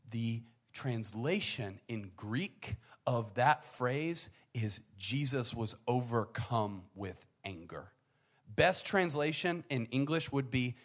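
A young adult man preaching a sermon in a conversational way, acting out the people in the story and swinging from quiet, low asides to loud, high-pitched bursts. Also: animated, slow.

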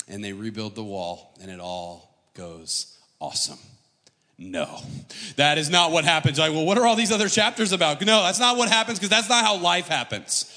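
A pastor with an American accent preaching a sermon, mixing jokes with dramatic scripture reading. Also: male voice, lowish voice, pushed and bright, in a large hall. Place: church stage with long reverb.

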